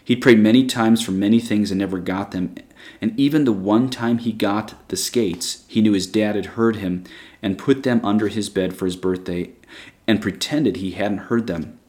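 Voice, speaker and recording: A man narrating a story aloud in a measured, even storytelling manner. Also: on the low side. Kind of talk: storybook reading.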